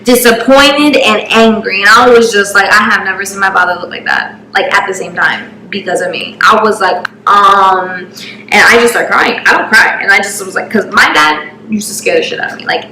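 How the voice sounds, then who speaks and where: A young woman telling a story in a casual, animated way, swearing freely and acting out the people in it. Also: medium pitch, normal speed, echoey room, slight background noise, poor audio. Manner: animated, profane, acts out every voice in the story. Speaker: storyteller host.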